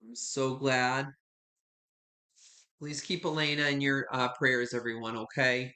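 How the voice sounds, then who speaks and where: A man's voice: medium pitch, level tone, unhurried, sharp tone, echoey room. A man in his fifties hosting a live online sale from his home, chatting casually and calling viewers honey and sweetie. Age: 50s. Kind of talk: live online auction selling.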